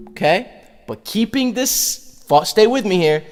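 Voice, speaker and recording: A man's voice: high-pitched, expressive, measured pace, faint music behind. A man teaching a conga lesson, counting beats aloud and vocalizing drum sounds as he demonstrates. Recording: reverberant room with loud congas.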